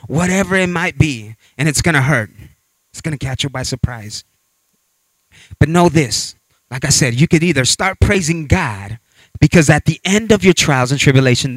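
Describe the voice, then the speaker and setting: A man preaching a sermon with animated storytelling, acting out voices and scenes as he talks. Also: on the high side, no echo.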